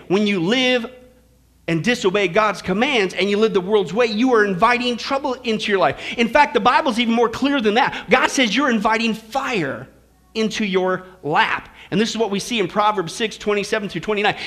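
A man preaching a sermon in church, folksy and joking, swinging from quiet asides to loud exclamations. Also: high voice. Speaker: pastor.

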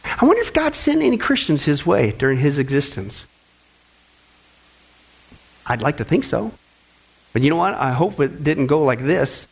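A man's voice: on the high side, sing-song, normal speed, creaky, long pauses, husky, low-quality recording. A man preaching a sermon with emphatic, repeated phrases, speaking directly to the congregation.

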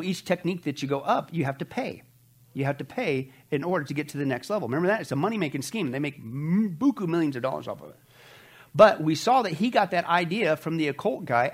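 A man with a slightly high voice leads a Bible study in a loose, conversational sermon style. He presses his points with emphasis and keeps turning to his listeners with rhetorical questions.

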